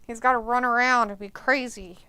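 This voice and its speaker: A woman's voice: a little high, fairly even intonation, a little fast, sharp tone, smooth. A woman co-hosting a live watch-along stream, chatting casually with playful sarcasm and reading viewer messages aloud. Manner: playful, sarcastic, mock voices for chat messages, frequent laughs.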